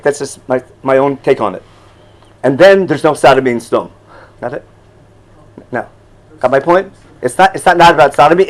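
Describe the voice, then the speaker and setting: A man's voice: fairly high pitch, poor audio. An older man teaching a Torah class in a loose, conversational way, often asking "you follow?" and chuckling at his own asides.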